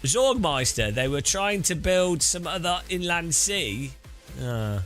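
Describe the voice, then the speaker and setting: A man chats casually on a sim-racing live stream, joking and rambling as he reads chat aloud. His voice is bright and animated, with a lively, bouncing pitch. Faint music plays behind him. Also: slow pace.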